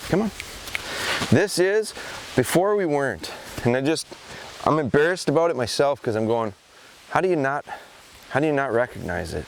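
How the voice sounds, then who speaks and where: A man's voice: expressive, normal speed, vocal fry, pauses often, slight background noise. Man explaining dog training outdoors. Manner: talks to the camera, then calls to a dog in high, sing-song praise. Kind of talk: casual outdoor training commentary. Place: outdoors in a field.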